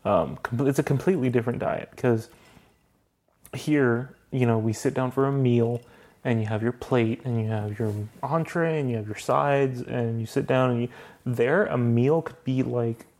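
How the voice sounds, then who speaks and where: A man's voice: medium pitch, moderate pace, darkish tone. A young married man hosting a podcast, telling stories in casual chat, laughing often and swearing freely. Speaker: podcast host.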